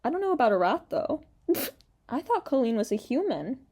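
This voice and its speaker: A woman's voice: sits high, big pitch swings, fairly quick, warm tone. Young woman ranting sarcastically about a video, swears a lot, exasperated. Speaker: commentary youtuber. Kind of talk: reaction commentary.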